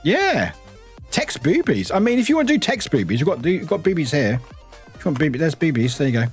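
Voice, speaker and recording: A man from the UK, streaming and chatting casually, reading chat aloud, lively and swearing freely. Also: on the high side, fairly quick, soft background music. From United Kingdom.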